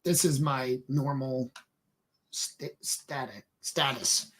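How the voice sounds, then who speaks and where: Husky-voiced man with dry banter. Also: medium pitch, takes it slowly, fairly bright tone. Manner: dry, self-deprecating banter. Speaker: co-host of a livestream. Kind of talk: casual livestream chat.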